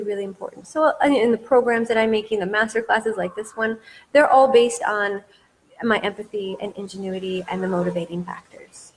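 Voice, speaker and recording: A woman's voice: medium pitch, slight background noise. A woman business coach giving a masterclass, talking with eager, repetitive emphasis. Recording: long hall reverb.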